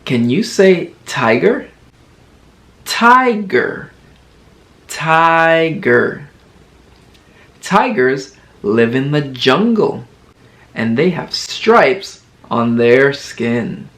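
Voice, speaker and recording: Male kids' entertainer and teacher; very slow, animated, encouraging delivery for toddlers. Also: medium pitch. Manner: slow, exaggerated, encouraging sing-song for toddlers; playfully imitates animal sounds. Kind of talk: children's educational video.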